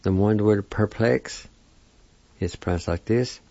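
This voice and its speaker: Male language teacher, slow and mellow, spells words syllable by syllable; dull, dry lo-fi recording. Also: fairly low pitch, no room sound. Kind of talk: weekly pronunciation lesson.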